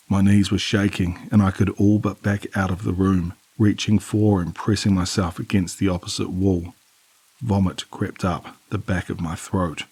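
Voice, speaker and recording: A male narrator reads a horror story in a measured, somber way. His voice is very low and husky, and the close mic sounds dry with no room. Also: flat delivery, darkish tone, no echo. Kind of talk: scripted narration.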